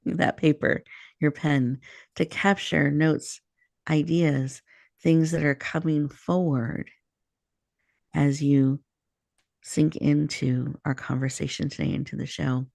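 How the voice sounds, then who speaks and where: Woman host, calm meditation guide, affirming manner, touch of fry, dry sound. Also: low voice, dry recording. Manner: soothing, slow and affirming.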